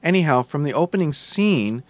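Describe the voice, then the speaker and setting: A man's voice: fairly high pitch, expressive, normal speed, no room sound. A man hosting a podcast lesson on writing fiction, reading a story passage aloud and explaining it in a conversational, playful way.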